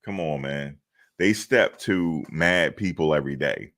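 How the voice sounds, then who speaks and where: A man from New Jersey telling a travel story to camera in a casual, animated, slangy way, repeating himself for emphasis. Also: extremely low pitch, unhurried.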